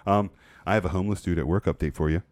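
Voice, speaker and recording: A man in his mid-thirties with a fairly low voice chats on a podcast. He tells a story with plenty of swearing and loud acted-out bits for the people in it. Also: racing, a little hiss or hum. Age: 30s. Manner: animated storyteller, swears often, acts out shouting in his stories. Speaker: podcast co-host. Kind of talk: casual chat.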